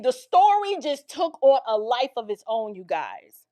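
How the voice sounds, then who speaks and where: A woman from the Bronx, telling a personal story in a casual, animated way with asides to her listeners. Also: on the high side, measured pace. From the Bronx, New York. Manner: animated, dramatic retelling with lots of asides to the listener.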